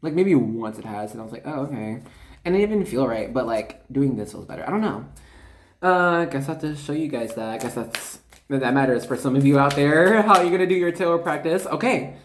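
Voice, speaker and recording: A tarot reader giving a casual spiritual card reading, excitable and chatty, with lots of fillers and asides. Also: medium pitch, brisk, slight background noise. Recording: echoey room.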